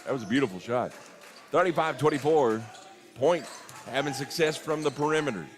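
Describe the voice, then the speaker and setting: A young man calling a basketball game play-by-play, openly partisan and quick to get worked up over big plays and missed calls. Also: medium pitch. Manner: excitable, rises sharply on big plays and disputed calls; openly partisan, admits getting emotional. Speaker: play-by-play announcer. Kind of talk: live basketball commentary.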